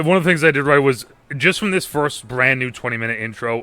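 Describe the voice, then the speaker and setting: Casting: bright-toned male podcast host, chatty recapper, filler-heavy delivery. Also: mid-range voice, a little fast, hardly any pauses, clear, resonant tone, faint music behind. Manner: rambling recaps with acted-out quotes and many ums. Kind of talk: casual movie review chat.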